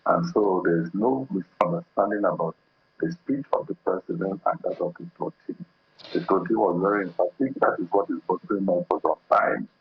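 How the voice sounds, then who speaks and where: A man's voice: sits low, normal speed, breathy edge, muffled recording. A man with a Nigerian accent, a guest analyst on a TV panel, speaking emphatically with repeated phrases. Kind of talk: TV panel discussion.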